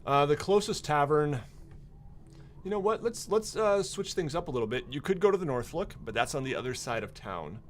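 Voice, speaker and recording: A man's voice: on the high side, lively intonation, brisk, a little hiss or hum. A man running a tabletop game as game master, narrating in an easygoing, rambling way with many fillers.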